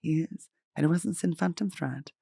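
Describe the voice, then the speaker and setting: A young woman hosting a podcast, telling stories in a giggly, animated way and swearing casually. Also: low-pitched, moderate pace, vocal fry, husky, no room sound, studio quality. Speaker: podcast host and comedian. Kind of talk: casual chat.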